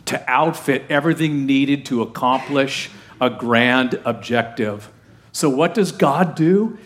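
A middle-aged man, a pastor giving a sermon in a conversational way and putting questions to the congregation. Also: medium pitch.

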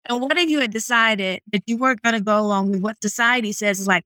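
A woman's voice: mid-range voice, fast, hardly any pauses, sharp tone, no echo. A woman hosting a faith podcast, responding with encouraging, faith-centered affirmations. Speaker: podcast host.

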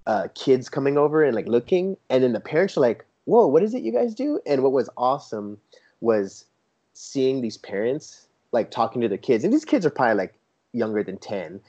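Male guest, casual chat, eager storyteller, animated quoted voices, muffled lo-fi recording. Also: medium pitch, normal speed. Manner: enthusiastic storyteller who quotes others in a lively, raised voice. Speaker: toy photographer guest. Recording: dull lo-fi sound.

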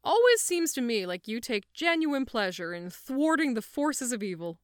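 Gabriel, a breezy archangel boss. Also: female voice, fairly high pitch, big pitch swings, moderate pace, no echo, clean studio sound. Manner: breezy, hearty, pushy. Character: cheery overbearing male archangel boss.

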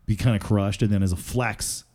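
A man's voice: lowish voice, steady tone, normal speed, a little mellow. A man hosting a podcast in casual chat, joking and rambling with fillers. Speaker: podcast host.

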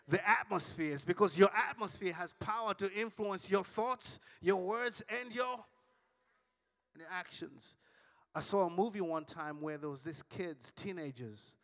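A man preaching a sermon, telling dramatic stories and acting out the dialogue, with calls for the congregation to shout back. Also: high voice, moderate pace, big-room sound. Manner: dramatic storytelling with big swings between shouting and hushed tones; acts out dialogue with audience call-and-response.

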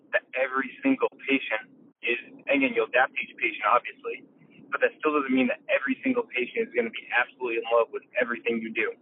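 Emphatic man on a tinny line. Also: mid-range voice. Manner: animated, emphatic, swears, acts out quotes. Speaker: podcast co-host, mentor. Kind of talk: casual coaching chat.

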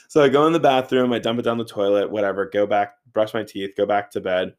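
A man in his thirties telling a casual, animated story, swearing freely and saying "like" a lot. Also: lowish voice, quick pace, few pauses. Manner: animated, profane, filler-heavy with frequent "like".

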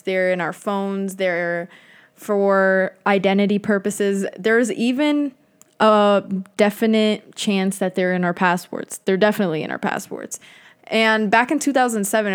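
A woman's voice: medium pitch, clear, resonant tone. A young woman talking casually to camera in a chatty, conspiratorial monologue with slangy asides.

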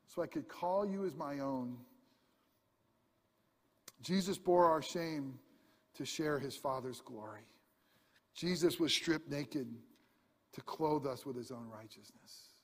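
A man's voice: a little high, takes it slowly, long pauses. Impassioned preacher man in a reverberant hall. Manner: impassioned preaching, rising to shouts. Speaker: pastor. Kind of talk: sermon.

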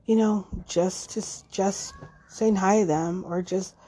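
Woman host, 30s, raw emotional monologue with plenty of swearing and fillers, mid-pitched voice. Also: steady tone, slow, warm tone, breathy edge. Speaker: podcast host. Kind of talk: casual personal monologue.

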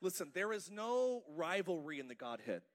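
A male pastor preaching a lively, joking sermon in church and calling the congregation to respond. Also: sits high, normal speed. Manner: playful, asks the congregation to respond.

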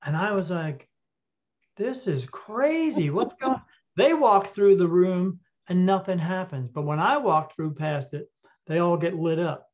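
A man telling a story as an interview guest, animated and acting out the dialogue, with frequent fillers. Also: high voice, measured pace. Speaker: interview guest, intuitive reader. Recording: dull lo-fi audio.

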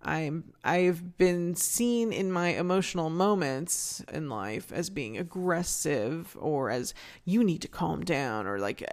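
A woman hosting her own podcast, talking in an intense, passionate and candid way, with frequent restarts and casual swearing. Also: fairly low pitch. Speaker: podcast host. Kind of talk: solo podcast monologue.

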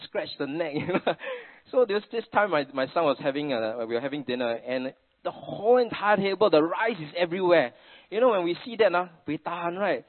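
A man's voice: on the high side, expressive, a little fast, hardly any pauses. A middle-aged man from Singapore with a Singaporean English accent, preaching a sermon in a chatty storytelling way sprinkled with Singlish particles. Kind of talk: sermon with family anecdotes. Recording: tinny phone-like sound.

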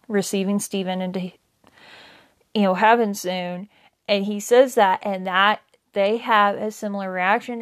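A woman teaching a daily Bible reading in a casual, conversational way, with many fillers and self-corrections. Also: medium pitch. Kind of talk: casual Bible study talk.

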